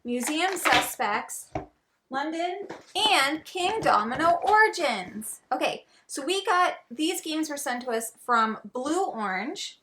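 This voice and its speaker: A woman's voice: high voice, expressive, takes it slowly, pushed and bright, slight background noise. A woman co-hosting a casual board game haul, chatty and playful. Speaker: board game channel co-host.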